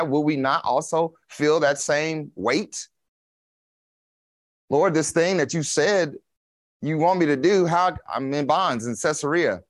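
A man's voice: on the high side, no echo. A man preaching a conversational sermon in a casual, folksy way, with slang and chuckles.

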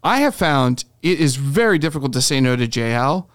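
A man's voice: mid-range voice, expressive, a little fast, clear, resonant tone, no room sound. A man hosting a podcast in a studio, chatting casually and playfully, telling stories with little acted quotes. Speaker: podcast host. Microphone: studio microphone.

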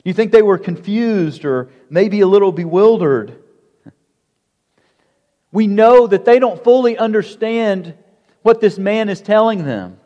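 A pastor preaching a sermon in a conversational way, asking the congregation rhetorical questions. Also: male voice, high voice, animated, unhurried, muffled recording. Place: church sanctuary. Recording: long church hall reverb.

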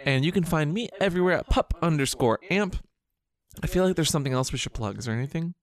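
A man's voice: on the high side, expressive. A man co-hosting a podcast in casual chat, teasing and joking with his co-host. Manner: teasing, playful, quick with jokes.

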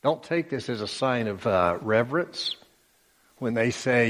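A man's voice: mid-range voice, lively intonation, measured pace, fairly bright tone, in a large hall. A male pastor preaching a sermon with emphatic, dramatic storytelling.

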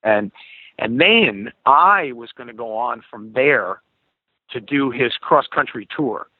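A man's voice: mid-range voice, slow pace, husky, no room sound. A middle-aged man telling a long story as a guest in an interview, acting out the dialogue as he goes. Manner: animated storyteller, acts out quoted dialogue. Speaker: guest musician. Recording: tinny phone-like call audio.

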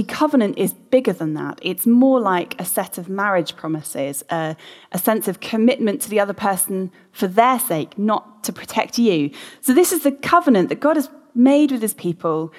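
Woman preaching in a reverberant hall. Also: medium pitch. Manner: conversational, asks the congregation questions. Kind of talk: sermon. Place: church hall.

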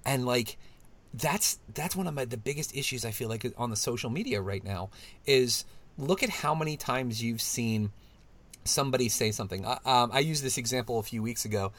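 A man co-hosting a podcast in casual chat, animated and laughing often, his voice jumping up when he mimics people. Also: medium pitch, normal speed. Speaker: podcast co-host.

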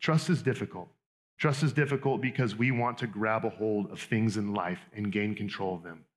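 A man preaching a sermon in a conversational, animated way with quick asides. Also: on the low side. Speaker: pastor.

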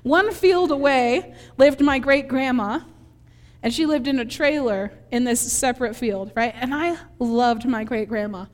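A woman from Minnesota preaches in a chatty, animated way, laughing as she acts out scenes from her childhood. Her voice sits high. Long reverb from a large hall hangs behind her. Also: unhurried. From Minnesota, USA. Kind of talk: conversational sermon with personal story.

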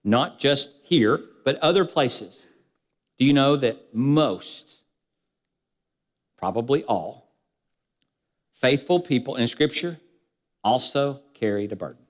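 Male pastor, unhurried sermon delivery, lists and rhetorical questions, churchy reverb. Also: animated. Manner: preaching with repeated lists and rhetorical questions, voice dropping low at phrase ends.

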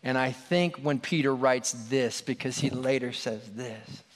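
A man's voice: mid-range voice, measured pace. A man preaching a sermon in a conversational, storytelling way with casual asides, in a large hall. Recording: long hall reverb.

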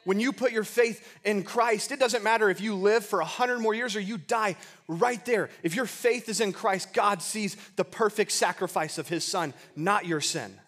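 Young guy youth pastor giving a sermon, highish voice, stumbles and repeats words a lot, laid back. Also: moderate pace, fairly bright tone. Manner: stammering repeats, casual slang.

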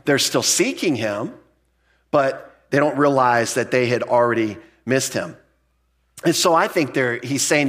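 A male pastor preaching an expository sermon at an ordinary middle pitch. He talks in a relaxed, conversational way, and his voice leaps upward whenever he hammers home a point. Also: unhurried. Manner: conversational and emphatic, with frequent restarts; jumps up in pitch to stress key points.

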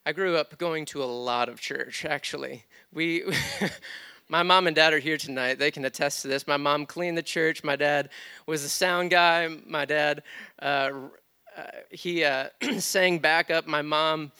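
A man's voice: on the high side, measured pace, bright, forceful tone, smooth, no echo, studio quality. A man in his thirties preaching in a church, telling stories casually with frequent restarts. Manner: conversational storytelling with many restarts. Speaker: pastor. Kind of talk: sermon.

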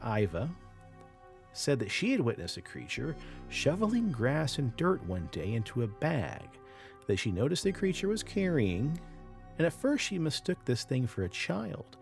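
A man hosts a paranormal podcast and tells a creature story with lively storytelling and casual asides. His voice sits in a mid pitch and swings up and down with the tale, and faint music plays beneath him. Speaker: podcast host.

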